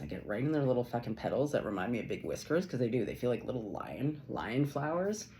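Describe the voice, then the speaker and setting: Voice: medium pitch, very animated, fairly quick, darkish tone, a little hiss or hum. A tarot reader giving a casual channeled reading, effusive and loose, swearing freely and laughing often.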